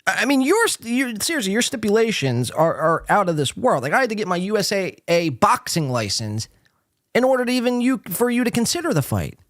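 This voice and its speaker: A man's voice: high voice, sing-song, fairly quick, a bit bright, dry recording, studio quality. A man hosting a podcast, giving sarcastic, profane commentary on clips in a rambling casual way. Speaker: podcast host reacting to clips.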